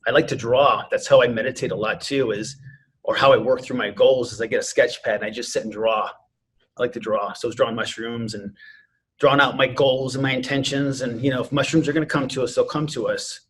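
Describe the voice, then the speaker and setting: Man, 40s, husky breathy voice, earnest rambling storyteller, interview guest. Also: medium pitch, steady tone, fast talker, a bit bright. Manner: earnest, rambling, many "you know" fillers. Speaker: podcast guest, martial arts instructor. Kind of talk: candid personal storytelling.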